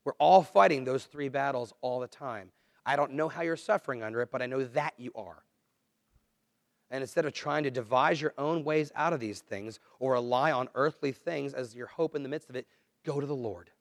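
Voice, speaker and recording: A man's voice: mid-range voice, no room sound, clean studio sound. Earnest male pastor preaching. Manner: earnest, conversational preaching with dramatic dips and swells. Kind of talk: sermon.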